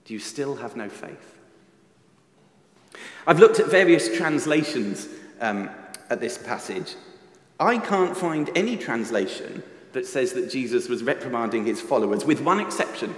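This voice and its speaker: A man's voice: mid-range voice, sing-song, moderate pace. A man giving a reflective sermon in a church, often asking his listeners questions. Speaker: preacher. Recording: echoey church hall reverb.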